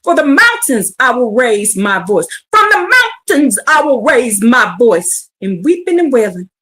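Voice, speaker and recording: A woman teaching a streamed bible class, reading scripture and preaching it out in slang, building to shouts. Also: a little high, big pitch swings, measured pace.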